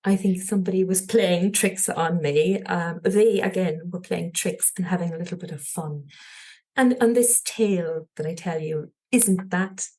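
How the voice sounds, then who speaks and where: A woman with a Cork Irish accent, a podcast guest telling a personal story in an animated way, often laughing lightly and restarting her sentences. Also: on the low side, unhurried. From Cork, Ireland.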